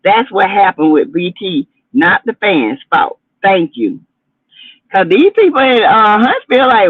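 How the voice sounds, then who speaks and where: A woman's voice: medium pitch, sing-song, a little slow, breathy edge, no echo. Sassy woman gossiping on a livestream. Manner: sassy, chatty, dramatic asides. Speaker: livestream host. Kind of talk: casual gossip commentary livestream. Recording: tinny phone-like audio.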